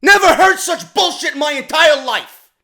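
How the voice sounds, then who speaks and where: A vlog host delivers a profane rant. His voice sits very high and sounds bright and edgy. He swings from shouted outbursts down to low, grumbling asides. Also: moderate pace, creaky. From New York. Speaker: YouTube show host. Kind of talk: ranting commentary vlog.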